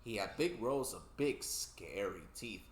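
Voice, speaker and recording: A man's voice: fairly low pitch, expressive, measured pace, echoey room. A young man casually reading a children's story aloud with stumbles and restarts while co-hosting a game let's play.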